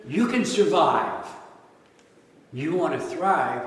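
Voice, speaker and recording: Animated preacher in an echoey hall. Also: male voice, fairly high pitch, measured pace, creaky, recorded from a distance. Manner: animated, jokey, rhetorical questions. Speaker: pastor. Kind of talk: sermon with slides.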